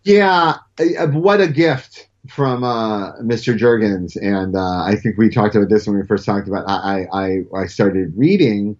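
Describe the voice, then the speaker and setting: Speaking in a lowish voice at an unhurried pace with hardly any pauses, a middle-aged man guests on a casual chat. He's a comic book writer who tells animated stories while often stammering and restarting sentences, and the sound is dull and lo-fi.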